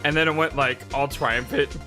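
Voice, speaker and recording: A let's play host commentating on a courtroom video game, excitable, giggly and gushing. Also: mid-range voice, normal speed. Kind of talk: gameplay commentary. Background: game music.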